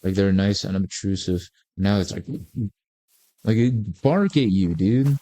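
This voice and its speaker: A gaming video creator in his forties rambles casually over gameplay, dropping laid-back, self-deprecating remarks. His voice is deep and dark, and he speaks at a measured pace.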